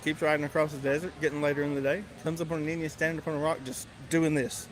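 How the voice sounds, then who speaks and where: A man's voice: a little high, little pitch movement, fast, low-quality recording. A man chatting as a guest in a casual talk, easygoing and agreeable. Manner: easygoing, agreeable, tells a joke with hand motions. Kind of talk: casual chat.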